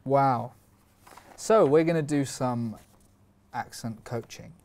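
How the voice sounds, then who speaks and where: A man playing a deadpan, self-assured acting coach in a comedy sketch, talking in short clipped lines. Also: mid-range voice, slow pace.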